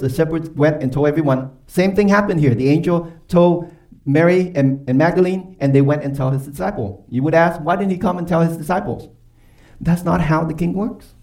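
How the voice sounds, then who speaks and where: A man preaching a sermon as pastor, emphatic and quick to pose rhetorical questions to his congregation. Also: a little high, a little mellow. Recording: voice from far off the mic.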